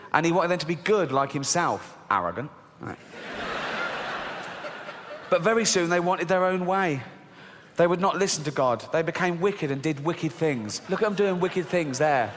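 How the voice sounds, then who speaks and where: Sweary, mocking English stand-up comic. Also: male voice, sits high, background noise. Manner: mocking, sweary, laughs through his lines. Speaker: stand-up comedian. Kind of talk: live stand-up routine. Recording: big theatre echo with audience.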